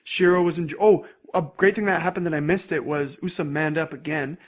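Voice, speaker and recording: A young man recaps episodes for his podcast in a loose, rambling way. His voice sits a little high, and he talks casually and animatedly. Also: brisk. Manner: rambling, animated, acts out scenes in bursts. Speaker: podcast co-host.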